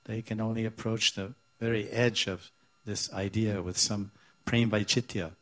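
A man giving a devotional lecture, explaining scripture in a halting, searching way with many restarts. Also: lowish voice, steady tone, fairly bright tone. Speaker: spiritual teacher.

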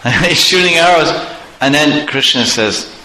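A man preaching in an animated storytelling way, chuckling often. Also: on the high side, moderate pace. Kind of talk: storytelling sermon. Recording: echoey room, faint background noise.

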